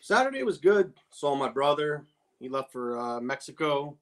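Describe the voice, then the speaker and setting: A man's voice: a little high, sing-song, moderate pace. A man who co-hosts a casual cigar podcast, a former tobacconist who gives short, laid-back answers.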